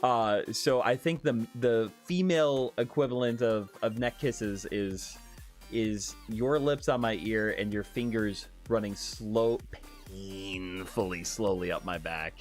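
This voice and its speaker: A man's voice: fairly low pitch, slow, faint music behind. A man live-streaming casual chat, reading viewer questions aloud with giggly, profane banter.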